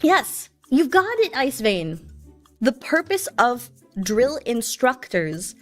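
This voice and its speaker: High-voiced woman streamer telling stories. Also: big pitch swings, slow pace, faint music behind. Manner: chatty, anecdotal. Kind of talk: casual storytelling chat.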